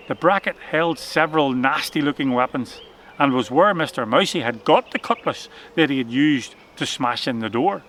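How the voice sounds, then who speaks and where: A man reading a children's adventure story aloud in an expressive, dramatic way. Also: medium pitch, moderate pace, a little hiss or hum.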